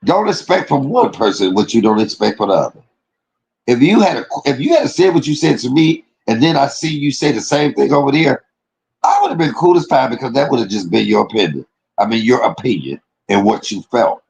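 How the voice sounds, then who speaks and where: Brief: man from Detroit hosting a livestream, rants and swears, lots of laughter, big swings in pitch. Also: brisk, creaky, low-quality recording. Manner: animated, profane, laughs often. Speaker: livestream host. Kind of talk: casual ranting livestream talk.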